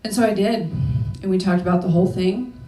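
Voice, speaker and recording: A woman's voice: medium pitch, fairly even intonation, a little fast, dark tone, slight background noise. A young woman talking candidly and emotionally in a personal story talk, with casual swearing. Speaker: speaker. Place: event hall. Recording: echoey room from far off.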